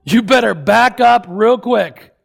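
A man voicing God giving a stern warning, slow and firm. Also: very high-pitched, creaky, husky, heavily acted.

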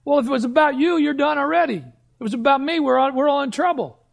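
Preaching at a quick pace, a creaky-voiced man works through his sermon in an emphatic question-and-answer style, at times dropping to a hushed, low voice.

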